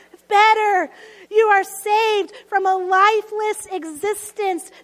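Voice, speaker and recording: High-voiced woman preaching in a reverberant hall. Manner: lively storytelling with laughs and dramatic hushed asides. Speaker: pastor. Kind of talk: sermon.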